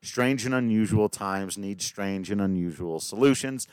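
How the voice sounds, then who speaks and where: A man's voice: fairly low pitch, measured pace, darkish tone, smooth, no room sound. A man hosting a podcast in a casual, joking, self-deprecating way, reading listener emails and an ad. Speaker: podcast host. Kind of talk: casual podcast chat with ad read.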